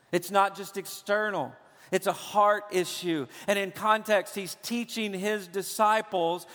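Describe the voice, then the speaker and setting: A high-voiced man preaches a sermon in a church sanctuary. He is emphatic and slows down to drive home key phrases. His voice carries a long hall reverb. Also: a bit bright. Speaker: pastor.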